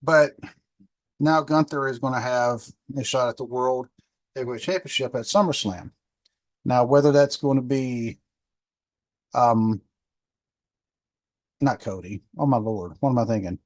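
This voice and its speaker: A man's voice: medium pitch, a little slow, long pauses, no room sound. A man of fifty hosting a podcast, talking loosely in a rambling, chatty way, with many ums and restarts. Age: 50s. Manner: rambling, chatty, self-correcting with many fillers. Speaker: podcast host. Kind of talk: casual solo podcast review.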